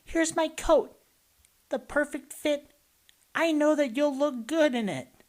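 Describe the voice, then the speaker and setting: A man doing a high, eager little child. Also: slow pace, a little mellow. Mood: eager, cheerful. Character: cheerful little child offering clothes. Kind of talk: picture book read-aloud.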